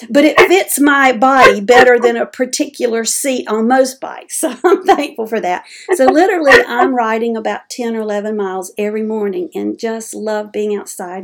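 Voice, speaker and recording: A middle-aged woman talks through a personal, faith-based reflection in an earnest, homespun way. Her voice sits a little high and carries a gravelly fry. She tells her story as a dementia advocate would, with plain folksy turns of phrase.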